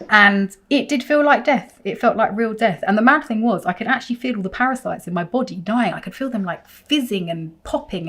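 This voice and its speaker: A woman vlogs a personal story straight to camera, her telling emphatic and animated and punctuated by abrupt jumps in pitch.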